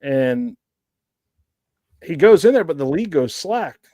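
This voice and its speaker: A man's voice: fairly high pitch, big pitch swings, slow pace, warm tone, no room sound, studio quality. A man casually telling rambling hunting-dog stories on a podcast, laughing now and then. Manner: rambling anecdotes with frequent laughs. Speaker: blood tracker guest.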